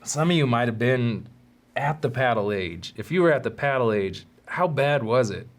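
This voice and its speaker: Man, podcast host, solo storytelling, candid, rambling, self-deprecating, average pitch. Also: lively intonation, moderate pace.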